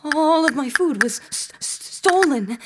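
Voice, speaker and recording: A woman voicing a timid little squirrel in a spoken storybook, high and stammering. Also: animated, unhurried, background noise. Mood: fearful. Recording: voice over loud bassoon and percussion music.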